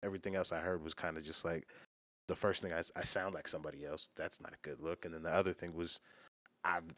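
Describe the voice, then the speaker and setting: Deep-voiced American man reacting, dry sound. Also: fast, dry recording. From United States. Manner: animated, profane, chatty. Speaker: reaction video host. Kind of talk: casual reaction commentary.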